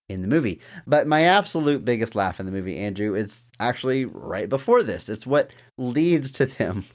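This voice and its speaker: With a clean tone and a voice on the low side, a man co-hosts a laid-back podcast. He brings scenes to life as he retells them, laughing along the way.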